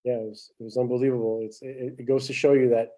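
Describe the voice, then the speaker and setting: A man's voice: mid-range voice, fast. A man co-hosting a podcast, telling stories in casual chat and laughing often. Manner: animated storyteller, laughs often. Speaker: podcast co-host.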